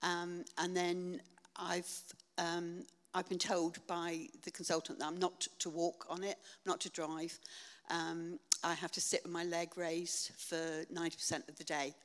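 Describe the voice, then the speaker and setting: Older woman, low voice, echoey hall. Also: flat delivery. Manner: earnest, halting storytelling with many ums. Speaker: church member sharing testimony. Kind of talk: personal testimony in church. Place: church hall. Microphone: shared handheld mic.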